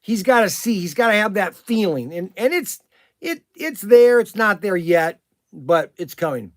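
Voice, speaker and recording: A man hosting a casual livestream, rambling and animated with many restarts and fillers, talking up his shop plans. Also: high-pitched, moderate pace, dry recording, clean studio sound. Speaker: livestream host and shop owner.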